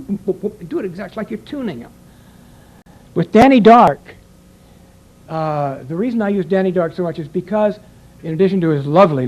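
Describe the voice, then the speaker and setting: A man's voice: medium pitch, warm tone, highs cut off, slight background noise. An older man who directs voiceover sessions, giving a rambling, conversational lecture to an audience and acting out exchanges from the studio.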